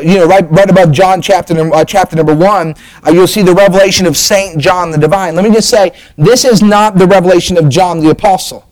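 High-voiced chatty preacher. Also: male voice, a little mellow, rough recording. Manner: folksy, chatty preaching with frequent "all right?" asides. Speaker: pastor. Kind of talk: sermon.

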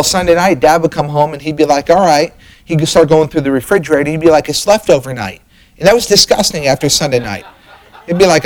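A middle-aged man preaches from the pulpit in a folksy, storytelling way, slipping in fillers and restarting his sentences. His voice sits a bit on the high side. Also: low-quality recording. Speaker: pastor. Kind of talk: sermon.

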